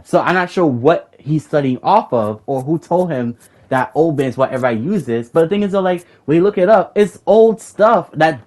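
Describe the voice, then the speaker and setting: A man's voice: on the high side, darkish tone. Fired-up, foul-mouthed young man. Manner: profane, rambling, repeats himself when worked up. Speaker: gamer recounting a raid group argument. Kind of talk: heated casual storytelling.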